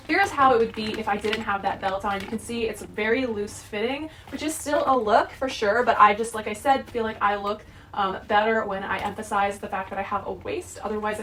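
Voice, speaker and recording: A bubbly woman in her thirties talks through a fashion haul in a loose, chatty way, with plenty of fillers along the way. Her voice sits at an ordinary middle pitch. There is a faint hiss behind her. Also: fairly bright tone. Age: 30s. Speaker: fashion vlogger. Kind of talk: casual try-on haul chat.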